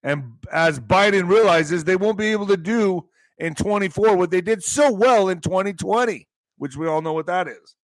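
A male host on a live online commentary show rambles with excitement and occasionally bursts into shouting. His voice sits high at a normal speed, in a dry recording.

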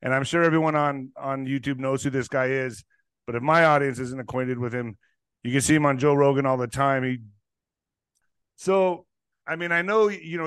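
A man's voice: mid-range voice, a bit bright, smooth, no echo. A man hosting an interview in a loose, profane, eager way, often calling his guest dude. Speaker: podcast host. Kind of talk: casual interview chat.

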